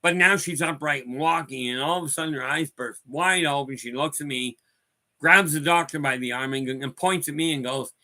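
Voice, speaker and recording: A man's voice: on the high side, normal speed, pushed and bright. A man hosting a spiritual talk stream, rambling through stories and calling out viewers by name. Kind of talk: casual talk answering viewer chat.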